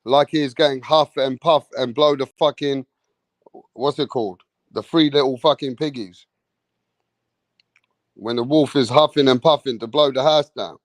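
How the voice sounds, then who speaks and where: A man hosting a live-stream boxing breakdown, animated and mocking, with street slang and frequent swearing. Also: medium pitch, dry recording. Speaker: boxing commentator.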